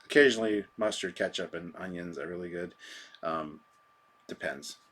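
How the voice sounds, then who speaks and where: A man's voice: sits low, moderate pace, a bit bright, a little hiss or hum. A man hosting a live stream, chatting casually and rambling through viewer comments with a self-deprecating manner.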